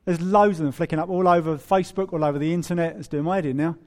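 High-voiced preacher, animated and joking. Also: male voice, racing. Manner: humorous, animated, acts out quoted voices. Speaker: pastor. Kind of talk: sermon.

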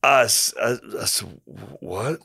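A man's voice: medium pitch, slow pace, creaky, husky, dry recording, clean studio sound. A middle-aged man and former Marine telling stories in casual conversation, acting out quotes and sound effects as he goes. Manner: animated storyteller, acts out quotes and sound effects.

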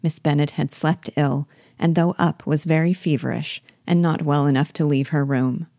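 A woman reads a classic novel aloud in a measured, clear storytelling manner. Her voice sits low and mellow. The recording is dry and close, with no room sound. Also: fairly even intonation, no room sound. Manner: measured, clear storytelling delivery with light character shading. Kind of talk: audiobook-style literary reading.

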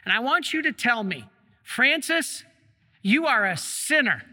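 A man voicing a humble male saint who insists that a friar call him a sinner, speaking higher and louder than his own voice. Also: very animated, unhurried, big-room sound, full character voice. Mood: insistent. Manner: insistent, urgent. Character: pleading humble male saint, middle-aged.

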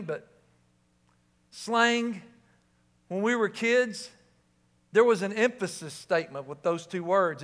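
Male pastor, 50s, passionate preaching in a big echoing sanctuary, tense bright tone. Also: sits high. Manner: impassioned, rising to shouts on key lines. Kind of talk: sermon. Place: church sanctuary. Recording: reverberant church hall.

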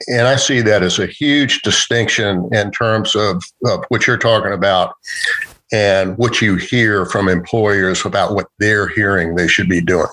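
A man on a panel discussion, measured, repeating words as he starts. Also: lowish voice, pushed and bright, rough recording.

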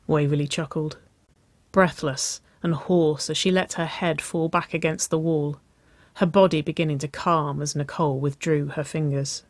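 A narrator reading romance fiction aloud with slow, lingering expression. The voice sits at a middle pitch. The recording is dry and close. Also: steady tone, no room sound.

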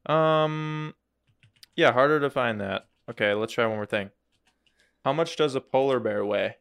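A man's voice: mid-range voice, unhurried, creaky, fairly bright tone, smooth. A young man hosting a podcast, chatting casually and joking, acting out imagined conversations. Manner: joking, acts out imagined dialogue. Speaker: podcast host. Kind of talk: casual chat.

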